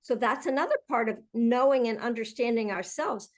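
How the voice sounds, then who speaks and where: A woman's voice: fairly high pitch, a little fast. Earnest woman acting out examples. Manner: earnest, acts out example phrases. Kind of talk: reflective conversational discussion.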